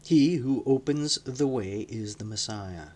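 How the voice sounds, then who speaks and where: A man voicing a gruff, pushy red-bearded male zealot who growls and gives orders. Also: medium pitch, a little slow, darkish tone, a little hiss or hum, lightly acted. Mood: gruff urging. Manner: growling, commanding.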